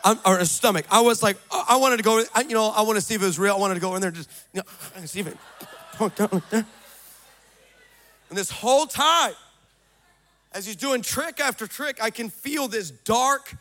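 A male preacher with a high, bright, forceful voice tells a story full of comic asides. His energy swings between casual chat and loud, shouted exhortation. The delivery stays animated and expressive. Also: normal speed. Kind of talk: sermon.

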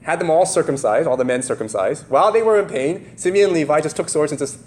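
A man's voice: on the high side, quick pace, slight background noise. A man preaching a casual sermon, often acting out the people in the story in their own voices. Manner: animated, voices the characters in the story; casual, many fillers and laughs.

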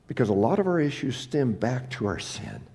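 Animated preaching man, lively pitch. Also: moderate pace, vocal fry, husky. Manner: animated preaching, swinging between hushed and loud, mocking prayers. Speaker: pastor. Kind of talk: sermon.

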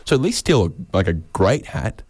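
A man with an Australian accent hosting a comedy podcast, rambling sarcastically and jumping into high mocking voices when he quotes people. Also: big pitch swings, normal speed, a little mellow, breathy edge, no echo, studio quality. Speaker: podcast host.

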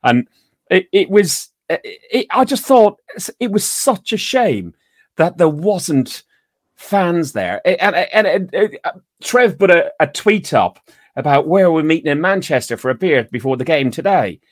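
A man co-hosting a casual football chat, animated and joking with frequent restarts. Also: fairly high pitch, unhurried, dry recording, studio quality. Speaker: podcast co-host.

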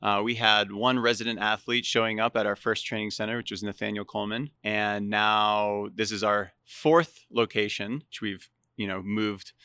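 A man from Massachusetts, a national climbing team head coach, speaks in a relaxed, measured, plainspoken way in a casual interview. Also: on the low side, clear, resonant tone, dry recording. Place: converted warehouse training center.

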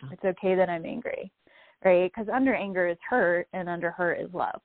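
A woman with a slightly low voice gives a calm, reflective talk on emotions and awareness. Her voice comes through tinny and phone-like. The sound is dry and close, with no room echo. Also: normal speed. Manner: calm, reflective, gently explanatory. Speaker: guest speaker. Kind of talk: spiritual wellness talk.

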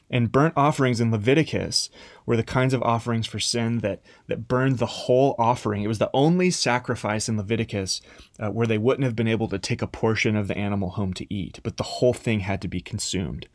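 A man's voice: fairly low pitch, fairly quick, dry recording, clean studio sound. A man preaching a conversational sermon, earnest and plain-spoken, with frequent restarts.

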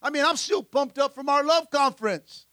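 A man preaches a lively sermon in a very high, bright voice. He drives his points home with repeated calls of "amen" and bursts into the voices of the characters he describes. The sound is close and dry. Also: normal speed, no echo. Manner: energetic preaching, frequent "amen", acts out disciples' voices. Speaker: pastor. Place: church sanctuary.

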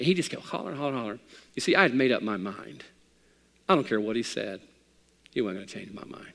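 A man preaching to his congregation, his voice climbing in emphatic bursts and then settling back down. His mid-pitched voice rings out through a church sanctuary with a long, trailing echo. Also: fast, gravelly, long pauses, bright, forceful tone. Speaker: pastor. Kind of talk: sermon. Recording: long hall reverb.

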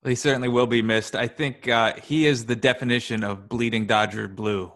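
Male interviewer with a bright voice. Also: mid-range voice, steady tone, a little fast. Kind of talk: conversational interview responses.

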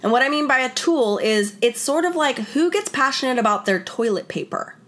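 Animated, rambling woman telling a story. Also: high-pitched, moderate pace. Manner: animated, rambling, full of "like" and retold dialogue. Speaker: wellness vlogger and former wedding photographer. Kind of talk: casual personal storytelling.

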